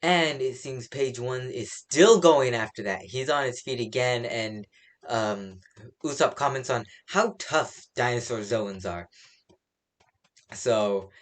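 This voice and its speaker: A comic fan recapping a new chapter in a loose, rambling way, full of fillers and restarts. They chuckle at their own mistakes and drift into personal opinions as they go. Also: medium pitch. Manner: rambling, many fillers, laughs at own slips. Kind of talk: casual spoken recap and opinion.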